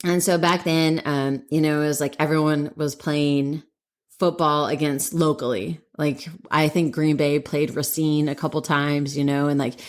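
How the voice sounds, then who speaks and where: A woman chatting casually as a podcast co-host. Her voice sits low. She wanders through her points, stops to correct herself and laughs along the way. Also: steady tone, normal speed. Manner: rambling, self-correcting, laughs often. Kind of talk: casual chat.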